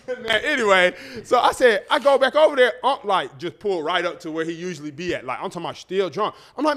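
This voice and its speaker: High-voiced man telling an animated story. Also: fast talker. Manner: animated, profane storytelling with acted-out quotes. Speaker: podcast co-host. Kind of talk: casual storytelling.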